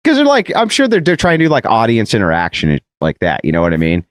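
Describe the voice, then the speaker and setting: A man telling a debate story in an animated, mocking way, mimicking his opponent's voice and laughing often. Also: fairly low pitch, fast talker, few pauses, no room sound. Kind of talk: animated anecdote on a podcast clip.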